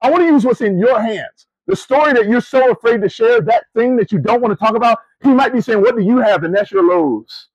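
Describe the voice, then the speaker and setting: A middle-aged man preaching a sermon in an animated, conversational storytelling style, calling his listeners family and y'all, with rising emphatic questions. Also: very high voice, a little fast, hardly any pauses, poor audio. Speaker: preacher and camp ministry CEO. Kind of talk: sermon to student athletes.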